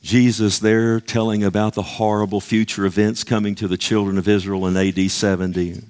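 A man's voice: lowish voice, flat delivery, brisk, darkish tone, smooth. Guy preaching a sermon, punchy and emphatic, keeps asking amen?, acts out little back and forth bits. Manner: emphatic, calls out "Amen?" to congregation, acts out dialogues with God.

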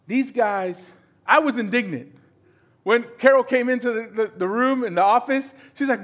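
A middle-aged male pastor giving a sermon, animated and acting out little dialogues in different voices. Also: extremely high pitch, normal speed.

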